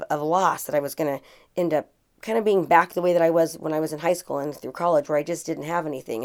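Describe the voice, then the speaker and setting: A middle-aged woman with a slightly low voice talks through a casual podcast monologue. She speaks in a chatty, earnest way and often restarts her sentences with fillers along the way. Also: a little mellow. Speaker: podcast host and real estate coach.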